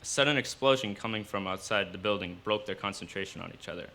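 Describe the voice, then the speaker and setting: A man reading his own fiction aloud at a live cafe event, in steady storytelling narration. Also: lowish voice, quick pace, creaky, a little hiss or hum.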